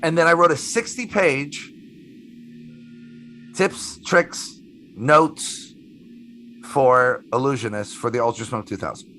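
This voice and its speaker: A middle-aged man with a bright, forceful voice tells stories with energy and acts out the people he quotes. He swears casually and loosely. A faint hiss of room noise sits underneath. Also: medium pitch, slow, pauses often. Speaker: magician guest. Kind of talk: casual storytelling interview.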